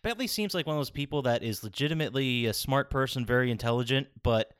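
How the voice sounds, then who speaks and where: A man's voice: mid-range voice, fast, smooth. A man hosting a casual podcast, laughing often as he moves through the segments. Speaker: podcast host.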